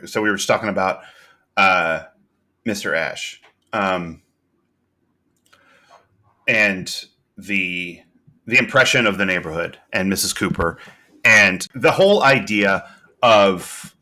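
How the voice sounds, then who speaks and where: A man's voice: low-pitched, takes it slowly, long pauses, sharp tone. A man co-hosting a podcast, talking through a TV episode in casual chat, thoughtful and rambling with many fillers. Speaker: podcast co-host.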